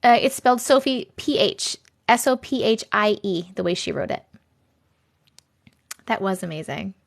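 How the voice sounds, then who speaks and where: A woman's voice: mid-range voice, expressive, moderate pace, vocal fry. A woman hosting a livestream, chatting casually and reading viewer stories aloud, chatty and effusive as she reacts to the chat.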